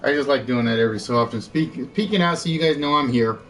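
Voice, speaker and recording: A man's voice: medium pitch, fast talker, a bit bright, a little hiss or hum. A man hosting a live online game show, chatty, repeating and rephrasing his quiz questions, with an occasional cough.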